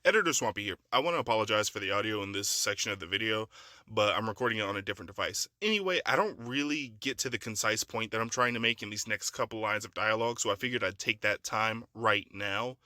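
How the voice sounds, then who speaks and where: A man hosting his own commentary video, calmly and pointedly debunking another creator's claims. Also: fairly low pitch, fast, dry recording, studio quality. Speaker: channel host and editor. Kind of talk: commentary rebuttal. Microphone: phone recording.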